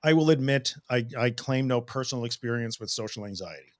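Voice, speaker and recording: Male co-host, brisk and joking, dry studio sound. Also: mid-range voice, dry recording. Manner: joking, playful. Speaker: podcast co-host. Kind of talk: casual podcast chat.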